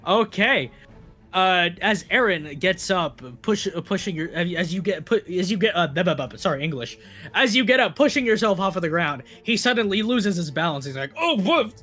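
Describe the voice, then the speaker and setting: A man's voice: sits high, expressive, moderate pace, sharp tone. A man narrating as dungeon master in a loose, stumbling way with many restarts, over faint music. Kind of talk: narrating a tabletop game.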